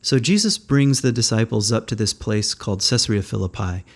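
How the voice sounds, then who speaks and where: A man's voice: on the low side, a little fast. A man giving a reflective spiritual teaching talk as a podcast host, thoughtful and conversational, often searching for words.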